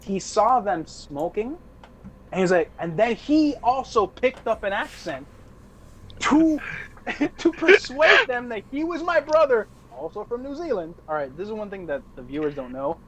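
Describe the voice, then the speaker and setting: A man's voice: high-pitched, very animated, normal speed, fairly bright tone, a little hiss or hum. A young man, a podcast co-host, telling a rambling party story in casual chat with restarts and laughs.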